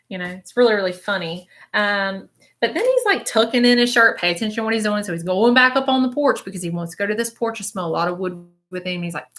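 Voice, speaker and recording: This spiritual medium is doing a live-stream reading, her voice mid-range, expressive and a bit bright, moving at a moderate pace. She wanders as she talks, searching and unsure as she describes her visions in present tense. Again and again she checks on her audience with a quick "okay?"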